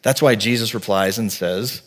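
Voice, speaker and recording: A man's voice: fairly low pitch, moderate pace. A man in his forties, a pastor giving a sermon in a conversational, earnest way, telling vivid stories and speaking plainly to the congregation.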